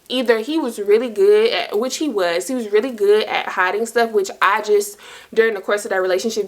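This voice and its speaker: A young woman casually telling a personal story to her viewers, chatty and slangy, full of asides to the audience. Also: mid-range voice. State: dry mouth. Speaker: storytime vlogger.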